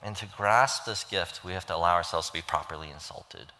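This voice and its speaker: A man's voice: deep voice, fairly quick, bright, forceful tone. A man preaching a sermon in earnest, pleading tones, retelling a story and acting out its voices. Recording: long hall reverb.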